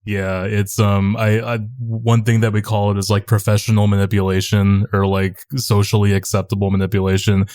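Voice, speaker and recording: A man's voice: fairly low pitch, monotone, moderate pace, hardly any pauses, a little mellow, smooth. A man guesting on a podcast, telling rambling stories in casual chat, full of "like" fillers. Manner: rambling storyteller, many "like" fillers.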